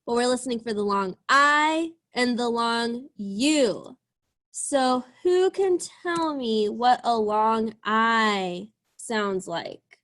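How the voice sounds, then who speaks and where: A young woman leads an early reading lesson over a video call, her voice pitched a little high. She speaks slowly and stretches out each sound, praising the children as she goes. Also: a bit bright. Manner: slow, encouraging, drawn-out sounds. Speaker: teacher. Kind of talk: online class lesson.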